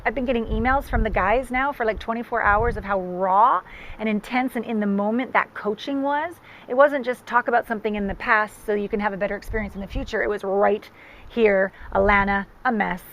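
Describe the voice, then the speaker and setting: A middle-aged woman coach talking to camera, telling her story with animated, emphatic delivery. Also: a little high. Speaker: relationship coach. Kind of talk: casual talk to camera.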